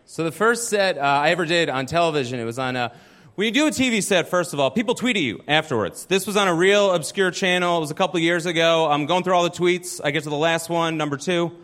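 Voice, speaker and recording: A man's voice: fairly high pitch, fast, a bit bright. A man doing a stand-up set, telling a story in a self-deprecating, conversational way on a live club stage. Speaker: stand-up comedian.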